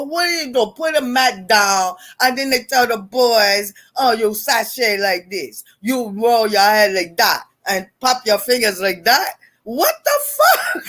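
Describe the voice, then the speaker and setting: A woman's voice: high-pitched, sharp tone. An older woman hosting a live stream, chatting bluntly with viewers, laughing often and swearing freely. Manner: blunt, profane, laughing, greeting viewers by name. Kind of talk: casual live-stream chat.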